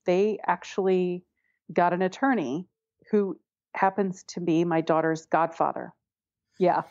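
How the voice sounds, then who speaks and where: A woman's voice: fairly low pitch, steady tone, measured pace, darkish tone, no room sound, muffled recording. A woman telling a personal story in an interview, candid and wry, often laughing as she talks. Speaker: interview guest.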